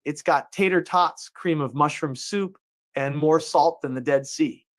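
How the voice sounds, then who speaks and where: A man's voice: a little high, unhurried, fairly bright tone. Jokey man hosting a rant show. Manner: jokey, playful asides and put-on folksy voices. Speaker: host. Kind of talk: comedic monologue.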